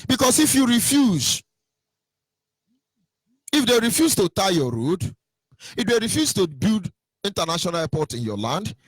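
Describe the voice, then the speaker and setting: A Nigerian man in a heated political monologue, swinging between loud sing-song mockery and low muttering. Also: sing-song, normal speed, long pauses, husky, no echo.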